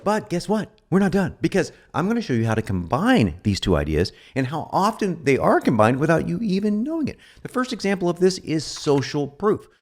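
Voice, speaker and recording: Animated man teaching copywriting. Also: a little high, fairly quick, few pauses. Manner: animated, joking asides, lively delivery. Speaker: copywriting instructor. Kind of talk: informal teaching.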